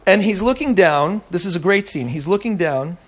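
A man's voice: high voice, lively intonation, moderate pace. Man teaching a Torah class. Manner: conversational, checks in with "right?" and side remarks. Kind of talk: lecture to a live audience.

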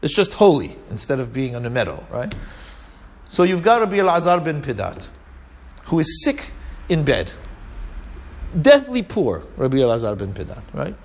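A man's voice: medium pitch, very animated, normal speed, vocal fry, breathy edge. A man teaching a Talmud class, retelling a story with Hebrew and Aramaic terms and often checking in with "right?". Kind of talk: lively Torah class storytelling.

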